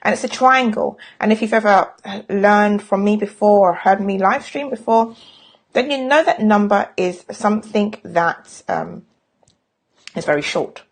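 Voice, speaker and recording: A woman's voice: medium pitch, unhurried. A middle-aged woman talking casually on a live stream as a sales coach, frank and chatty, with self-mocking jokes.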